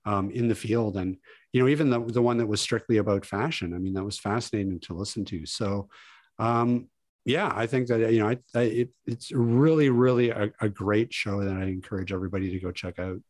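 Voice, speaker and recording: Guy cohosting a podcast, rambly and easygoing, low voice, dry remote call audio. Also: fairly even intonation, a little fast, a little mellow, no echo. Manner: chatty, rambling with restarts. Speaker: podcast co-host. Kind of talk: casual chat.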